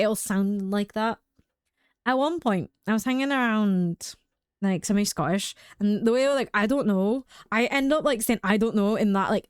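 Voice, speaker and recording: A woman's voice: medium pitch, dry recording, clean studio sound. A young adult woman streaming a game live, rambling and chatting casually with frequent laughs.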